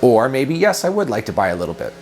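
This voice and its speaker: Earnest man with a lively voice. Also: medium pitch, quick pace, over music. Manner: earnest, questioning, repeats phrases. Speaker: productivity coach. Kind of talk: reflective self-help monologue.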